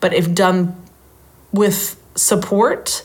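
Casual podcast co-host, young woman, lowish voice, rambling and chatty. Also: steady tone, extremely slow, a little mellow. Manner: chatty, rambling, self-correcting. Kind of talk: casual chat.

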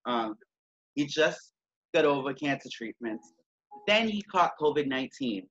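A man co-hosting a podcast in a casual news chat, chatty with quick asides. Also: medium pitch, expressive, fairly bright tone, dull audio. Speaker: podcast co-host.

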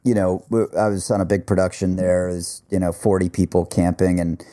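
A man's voice: sits low, brisk. A man co-hosting a podcast, telling stories casually with lots of swearing and slang. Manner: profane, animated storyteller. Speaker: podcast co-host. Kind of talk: casual chat.

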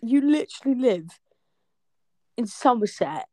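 A woman's voice: on the high side, lively intonation, unhurried, a little mellow, dry recording. A young woman with a West Country accent, co-hosting a casual podcast chat, laughing often and throwing in sarcastic, sweary asides. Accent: West Country English. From West Country, England. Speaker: podcast co-host.

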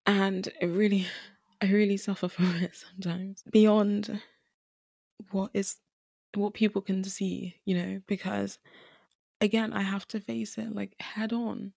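A woman's voice: mid-range voice, flat delivery, a little slow, gravelly, a little mellow, no echo. A young woman hosting a podcast, talking candidly and earnestly about confidence and anxiety, repeating herself for emphasis and close to tears at times. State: tearful at times. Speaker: podcast host. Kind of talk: candid solo podcast talk.

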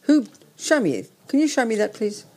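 A woman's voice: fairly high pitch, very animated, moderate pace, mellow. A woman from England, leading a hybrid group session in a meeting room, rambling and cutting herself off as she sorts things out. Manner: rambling, self-interrupting, talks while sorting things out. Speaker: session leader. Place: meeting room with a live audience and remote listeners.

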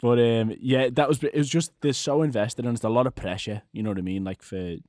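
A podcast co-host with a mid-range voice chats casually in a brisk, fairly even, slightly mellow tone. He rambles, laughs often and trails off mid-sentence. The clean studio sound has no echo.

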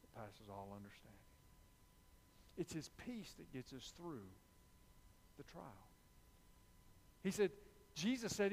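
A man's voice: a little high, sing-song, slow pace, long pauses, darkish tone, in a large hall, a little hiss or hum. A man preaching a sermon, repeating key phrases with emphasis and dropping into confessional asides.

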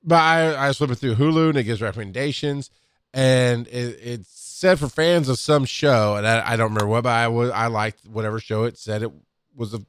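A middle-aged man co-hosting a podcast, telling a story in casual chat, swearing freely and loudly acting out quotes. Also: mid-range voice, brisk, clear, resonant tone, no room sound. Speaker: podcast co-host.

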